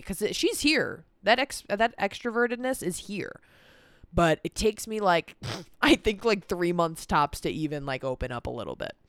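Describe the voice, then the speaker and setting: Recorded on a timed camera in a cold indoor room, an eighteen-year-old podcast host gives a weary, meandering, foul-mouthed vlog-style chat about stress and a hectic month, saying "like" constantly. The mid-range voice has a clean tone, with clean studio sound and no room sound.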